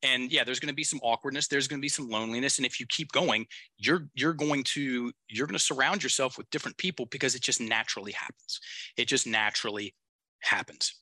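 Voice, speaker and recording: Bright, emphatic male coach. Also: mid-range voice, quick pace, no room sound. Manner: emphatic, blunt, with casual swearing. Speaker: guest executive coach. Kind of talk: podcast conversation.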